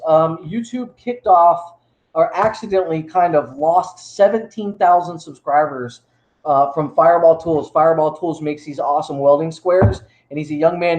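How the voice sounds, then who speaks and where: Excitable texan guy rambling on, kinda high voice, echoey shop room. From Texas. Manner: enthusiastic, rambling storyteller. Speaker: YouTuber and museum worker. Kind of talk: casual chat to viewers. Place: dated gift shop indoors.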